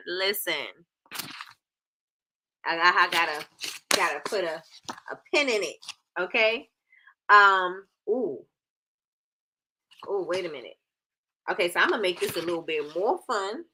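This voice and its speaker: Sassy, bright-voiced woman livestream host. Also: medium pitch, unhurried, long pauses, slight background noise. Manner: animated, laughing, playful sass. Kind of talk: casual live chat reading viewer comments.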